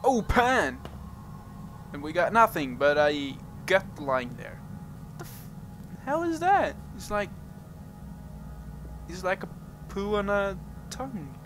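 Goofy, animated man playing a game. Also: high-pitched, slow pace, pauses often, music in the background. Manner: goofy, joking, laughs at his own jokes. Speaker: let's play gamer. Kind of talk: casual gameplay commentary.

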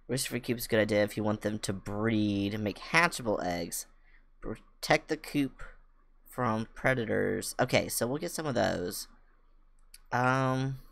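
A woman streaming a farming game, chatting casually with viewers and cooing excitedly at her animals. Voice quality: low voice that jumps high with excitement. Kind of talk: casual gameplay chat.

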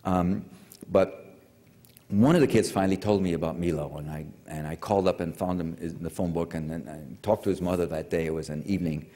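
An older man with a very low voice tells a long story to a lecture audience, wandering off on tangents and restarting his sentences. His voice rings with the long reverb of a big hall. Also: a little fast, warm tone. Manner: rambling, digressive, many fillers and restarts.

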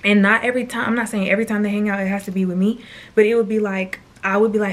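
With slight background noise, a woman in her twenties relays a personal story to her camera in a quick, steady, mid-range voice. As a storytime vlogger, she keeps it chatty and slangy, repeatedly turning to talk to viewers.

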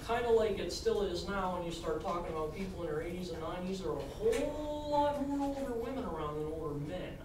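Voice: mid-range voice, lively intonation, fast talker, few pauses. A co-presenter explaining history steadily to a live audience. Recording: very echoey room, distant mic, faint noise.

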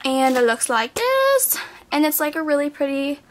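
A high-pitched young woman of nineteen talks straight into her camera about what she bought. She is bubbly and gushing, her casual chat full of "like" fillers. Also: big pitch swings, moderate pace, a little hiss or hum. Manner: bubbly, chatty, says "like" a lot. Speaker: beauty vlogger. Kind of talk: casual haul video chat. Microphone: camera mic.

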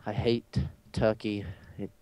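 A man's voice: on the low side, flat delivery, slow, dark tone. A teenage boy with an American accent, rambling and joking in a hyper, casual gaming chat. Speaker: gamer.

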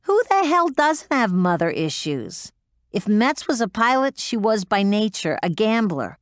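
A woman's voice: mid-range voice, sing-song, a little slow, dry recording, clean studio sound. An actress playing a blunt, profane former woman pilot recounting her story in an interview. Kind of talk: audiobook drama performance.

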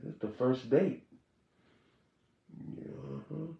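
A man preaching to his online audience in a loose, joking way, teasing his listeners and breaking into laughter. He sits some way from the mic in a roomy, echoing space. His voice is mid-pitched. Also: takes it slowly, creaky, dull audio, a little hiss or hum. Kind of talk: joking live-stream preaching. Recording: echoey room, distant mic.

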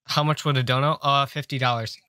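A man's voice: medium pitch, steady tone, a little fast, pushed and bright, a little hiss or hum. A young man on a casual livestream, chatting to viewers at a desk microphone, joking, swearing, and getting jumpy as he plays a horror game. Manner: joking, chatty, swears a lot, gets jumpy when scared. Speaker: streamer. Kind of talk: casual livestream chat while gaming.

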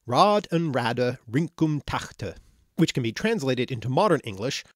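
Lively man narrating an educational explainer. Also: medium pitch, husky, dry recording. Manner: explanatory with dry wry asides.

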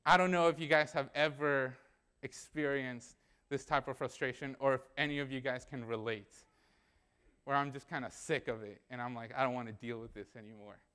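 A man's voice: medium pitch, steady tone, moderate pace, a bit bright, clean tone. A young man preaching a sermon in a church, telling a personal story in a conversational way and acting out the dialogue.

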